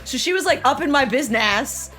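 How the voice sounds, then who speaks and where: A young adult woman hosting a podcast, telling a story in casual chat, animated, laughing and swearing as she acts out quotes. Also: high-pitched, fairly quick, soft background music. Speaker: podcast host.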